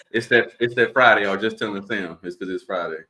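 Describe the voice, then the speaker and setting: A man with a somewhat low voice, joking at his own expense on a live trading stream. His talk is casual and loose, full of asides. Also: pushed and bright. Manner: jokey, self-deprecating. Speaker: trading coach.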